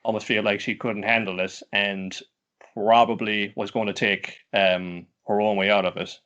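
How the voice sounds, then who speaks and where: A man's voice: fairly low pitch, level tone, normal speed, fairly bright tone. A man co-hosting an anime podcast, talking casually and hesitantly with many fillers. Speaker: podcast co-host. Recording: dull lo-fi stream audio.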